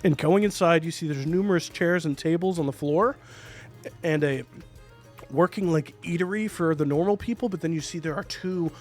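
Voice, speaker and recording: A man's voice: fairly high pitch, normal speed, faint music behind. A man narrating as game master of a tabletop game, casual and chatty with many fillers.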